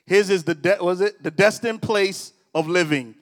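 There's a long hall reverb on this high-pitched middle-aged pastor, who talks at a moderate pace through a casual sermon. His style is conversational storytelling peppered with teasing asides to the audience.

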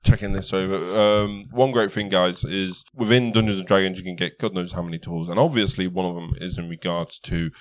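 A man's voice: low-pitched, fairly even intonation, brisk, hardly any pauses, dry recording. A man narrating a tabletop game as game master, chatty and laughing, often correcting himself.

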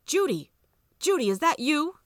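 A woman's voice: mid-range voice, big pitch swings, brisk, sharp tone, no echo, studio quality. A woman voicing a kindly, reassuring father in a storybook reading. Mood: calling. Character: kindly middle-aged father, calling over noise.

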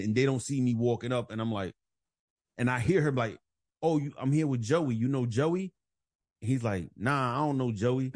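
A man hosting a podcast, telling a bar story in casual, profane, animated chat and acting out the voices of the people in it. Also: medium pitch. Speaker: podcast host.

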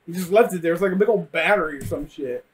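Man, podcast co-host, high voice, relaxed, laughs a lot, casual chat. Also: fast talker. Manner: laid-back, laughs often, short replies.

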